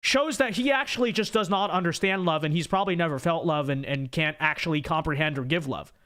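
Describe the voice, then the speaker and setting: Young male livestream host, pitched a bit high, rambling and repetitive commentary style. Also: a little fast, fairly bright tone. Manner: rambling, repeats words while thinking aloud; reads viewer super chats aloud.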